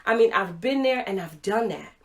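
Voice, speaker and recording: A middle-aged woman giving a motivational livestream talk, telling a personal story with animated acted-out dialogue. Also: medium pitch, normal speed. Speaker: motivational speaker. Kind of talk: Facebook Live talk to viewers.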